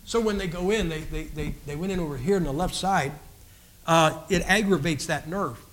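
Man, guest preacher, personal testimony, folksy and earnest, restarts often, high pitched. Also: moderate pace.

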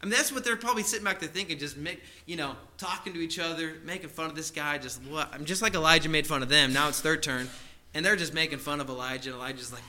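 Bright-voiced man retelling scripture in a sermon. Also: a little high, lively intonation, quick pace. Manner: conversational storytelling, many asides to the audience. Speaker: preacher.

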